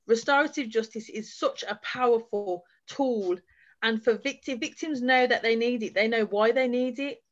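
A woman's voice: on the high side, normal speed, muffled recording. A woman giving an earnest, heartfelt personal testimony as a guest speaker at a forum, talking in long flowing runs. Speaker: guest speaker sharing her experience.

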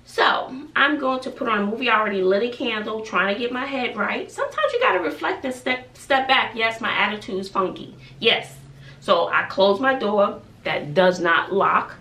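A bright, lively woman talks casually to the camera, thinking out loud and chatting to herself. Her voice sits fairly high and swings widely. She is a little off the mic in an echoey bedroom with a faint hiss behind her. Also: gravelly, recorded from a distance. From Texas. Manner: chatty, muses aloud to herself. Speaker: family vlogger. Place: bedroom at home.

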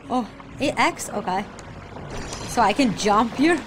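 Excitable woman gamer reacting loudly. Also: mid-range voice, measured pace, low-quality recording. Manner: excitable, exclaiming, talks to the character. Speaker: gamer streamer. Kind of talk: live gameplay reactions. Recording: voice over loud game music.

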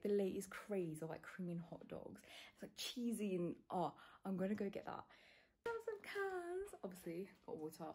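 A woman's voice: fairly low pitch, dark tone, slightly rough. A young woman, chatting casually in a vlog and dropping into half-whispers. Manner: chatty, lots of fillers, often half-whispered. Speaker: vlogger.

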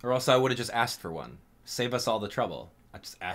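A man's voice: on the low side, expressive, fast talker, few pauses, fairly bright tone. Frustrated young man venting over gameplay. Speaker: gaming channel host. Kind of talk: live gameplay commentary.

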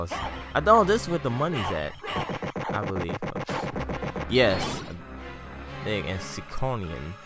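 A man giving casual, animated commentary on his gameplay, joking and trash-talking the enemies. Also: lowish voice. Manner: animated, trash-talks enemies, jokey asides. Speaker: let's play commentator.

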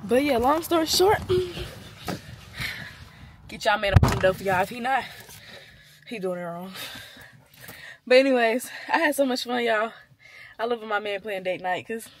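A woman's voice: a little high, expressive, measured pace, long pauses, noisy background. A woman of twenty talking casually to camera in a slangy, chatty, laid-back way, recorded on a phone or small camera held close. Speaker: vlogger. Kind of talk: casual vlog talk to camera.

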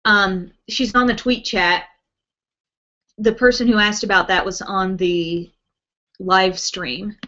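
A woman's voice: mid-range voice, fairly even intonation, slow, long pauses, bright, forceful tone. A woman hosting a casual beauty live stream from home, chatting and reading out viewer comments with lots of ums and little laughs. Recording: dull lo-fi webcast audio.

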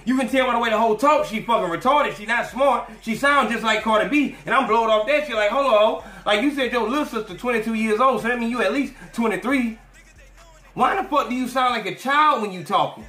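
A man hosting a podcast, giving an animated, profane and mocking commentary rant. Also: very high voice, fairly quick, echoey room, soft background music. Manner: animated, profane, mocking, slips into quoted voices. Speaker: podcast host.

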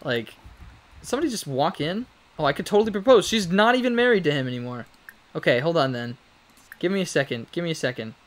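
A man's voice: on the high side, animated, brisk, fairly bright tone. Chatty man commentating his gameplay. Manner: chatty, talks to the game characters, laughs often. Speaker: let's play gamer.

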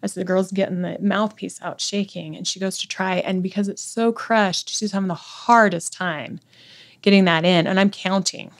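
A woman's voice: medium pitch, fairly even intonation, moderate pace. A middle-aged woman, a podcast guest, intensely retelling a story with lots of quoted speech. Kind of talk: conversational storytelling.

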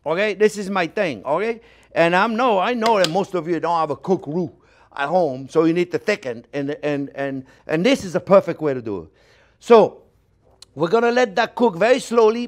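French chef guy, kinda high voice, chatty and playful, teaching a recipe. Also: normal speed. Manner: animated, chatty, playful with sound effects and exclamations. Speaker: cooking show host, chef teaching. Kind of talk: casual cooking demonstration.

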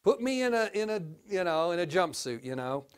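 A male pastor preaching a sermon, telling a folksy story with big swings between quiet and loud. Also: sits high, big pitch swings, fairly quick, clean tone.

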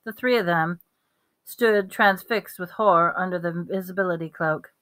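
A woman reading a novel aloud at a steady pace, with small slips and restarts. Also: on the low side, moderate pace. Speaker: reader.

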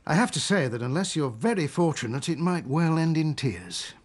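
An actor playing a weary, dry-witted divorce solicitor, who speaks in a measured, formal way and narrates. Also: male voice, fairly high pitch, very animated. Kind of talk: radio drama with narration.

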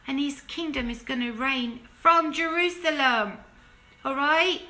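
A woman preaching straight to camera in an emphatic, fired-up monologue, her voice bright and forceful. She sits a little high for a woman and hammers her points home with one rhetorical question after another. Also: a little slow. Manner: drops to a hushed, low plea when urging repentance. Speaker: Christian video commentator. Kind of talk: impassioned direct-to-camera monologue.

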